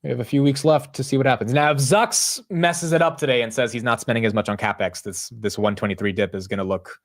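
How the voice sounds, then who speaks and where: A young man hosting a casual live stock market stream, chatting with viewers and reacting excitedly to price moves. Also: medium pitch, quick pace. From United States. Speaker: livestream market host.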